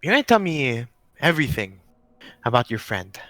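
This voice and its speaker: A man voicing a scheming male noble who talks in a persuasive sales-pitch way. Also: very animated, moderate pace, fairly bright tone, no room sound.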